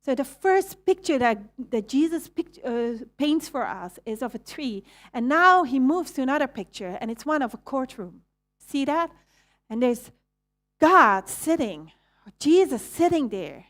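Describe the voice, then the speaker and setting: A woman's voice: sits high, sing-song, unhurried, fairly bright tone. A woman with a Belgian Dutch accent preaching a sermon in a conversational way, asking the audience questions and correcting herself as she goes. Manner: restarts and self-corrections.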